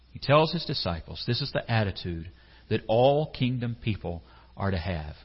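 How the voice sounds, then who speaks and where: This male pastor's voice sits lowish, with big swings in pitch, a moderate pace and a breathy edge. His sermon is conversational: he questions his listeners and performs brief quotes. It was recorded in an echoey hall with slightly dull sound.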